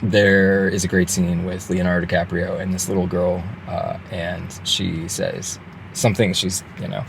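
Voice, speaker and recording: A man with a somewhat low voice co-hosting a laid-back movie podcast. He gives his opinions in a relaxed, offhand way, with a faint bit of background noise. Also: normal speed, creaky. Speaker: podcast co-host. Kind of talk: casual movie review chat.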